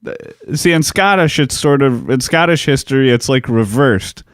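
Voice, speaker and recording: A man with a mid-range voice co-hosts a podcast, telling grim history facts in a relaxed, wry tone. He often drifts into dry asides. The recording is close and dry, with no echo. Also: medium pitch, moderate pace. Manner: laid-back, wry, laughs often. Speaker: podcast co-host, history researcher. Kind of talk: casual chat mixed with history recounting.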